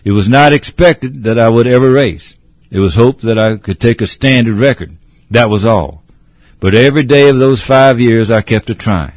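A man narrating a storybook in a measured, old-fashioned way, addressing a listener as sir. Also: medium pitch, dry recording.

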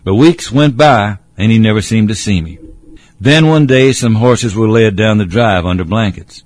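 A man narrating a storybook in a measured, old-fashioned way, addressing a listener as sir. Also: lowish voice, a little mellow, dry recording.

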